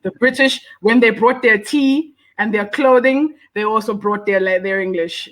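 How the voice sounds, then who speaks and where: A South African woman with a bright, clear voice talks on a video call. She laughs often and explains things eagerly in a lively, casual way. Zulu is her first language. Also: mid-range voice, a little fast, few pauses, poor audio. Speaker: guest. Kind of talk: casual live chat.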